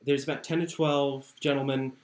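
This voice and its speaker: A relaxed game master narrating a tabletop game and laughing along with the player. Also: mid-range voice, moderate pace, roomy sound.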